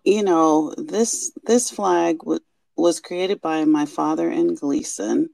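A woman speaking in a recorded interview, measured and hesitant with fillers. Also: low-pitched, vocal fry, mellow, no echo.

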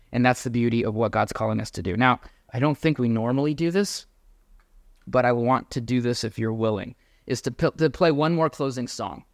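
A man preaching a sermon as pastor, earnest and emphatic, then closing in a softer prayer. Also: mid-range voice, no room sound, studio quality.

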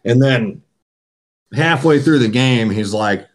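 Speaking slowly in a mid-range voice, a male podcast co-host tells a long story during casual chat. He is an animated, profane storyteller who swears often.

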